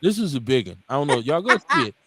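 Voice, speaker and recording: Fast and mid-range in pitch, a man from Milwaukee in his forties hosts casual talk radio with a crowd audible behind him. His storytelling is animated, blunt, and profane, with quotes acted out.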